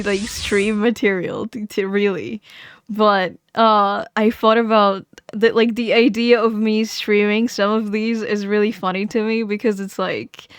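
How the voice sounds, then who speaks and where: A woman streamer talks casually into her microphone and rambles from one thought to the next. She giggles often and keeps correcting herself mid-sentence. Her voice is smooth and clear, recorded dry, with a mid-range pitch. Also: no echo. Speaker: live streamer. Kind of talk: casual livestream chat.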